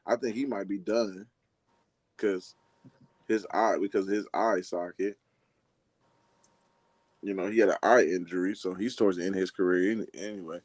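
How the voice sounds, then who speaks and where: A man's voice: low-pitched, fairly even intonation, moderate pace, long pauses, darkish tone, no echo. A man calling in by phone to a boxing chat, laid-back and joking in casual talk. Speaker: guest caller.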